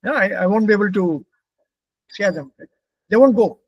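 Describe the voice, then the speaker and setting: A man's voice: high voice, animated, moderate pace, no room sound, lo-fi sound. A man from India with an Indian English accent, teaching a German pronunciation class and patiently repeating words for his students.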